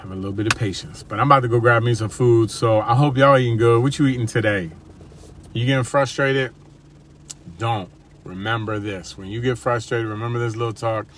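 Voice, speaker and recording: A married father talking casually to his viewers in a relaxed, slangy, chatty motivational vlog. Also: medium pitch, a little fast, slight background noise. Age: adult with wife and kids. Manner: laid-back, slangy, chatty. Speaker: vlogger. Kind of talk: casual motivational talk to camera.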